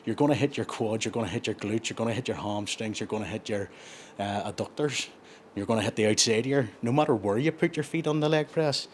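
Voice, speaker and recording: A man's voice: mid-range voice, darkish tone, slight background noise. A man, chatting casually between sets in a gym and rambling through his explanations with plenty of self-corrections. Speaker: gym vlogger.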